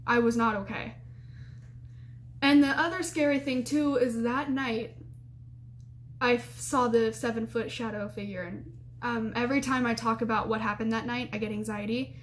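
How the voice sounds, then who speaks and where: A woman's voice: on the high side, normal speed, pauses often, a little hiss or hum. A young woman, a college student, telling a personal story casually, acting out what people said with laughs. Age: young adult. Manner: animated, quotes people in raised voices, laughs often.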